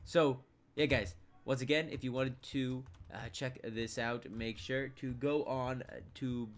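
A young man giving casual commentary over a game he plays, mumbling to himself one moment and shouting the next. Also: medium pitch, unhurried. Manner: excitable, jumps from mumbling to loud outbursts. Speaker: gameplay commentator. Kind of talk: casual let's play commentary.

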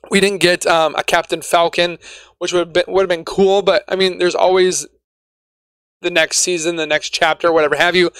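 A man's voice: high voice, a bit bright, clear, resonant tone, no echo. A man hosting his own gaming video, talking casually and rambling a little as he trips over words. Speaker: gaming YouTuber. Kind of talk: casual gaming news vlog.

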